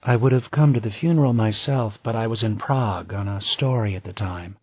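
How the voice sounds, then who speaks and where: Guy doing a chatty lady travel writer, a bit higher and husky, dull dry sound. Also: fairly quick, no echo. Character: poised female travel writer, chatty and smooth. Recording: slightly dull dry recording.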